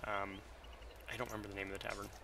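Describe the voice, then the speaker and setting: A man narrating as game master for a tabletop game, halting with many ums and self-corrections. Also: lowish voice, level tone, background noise.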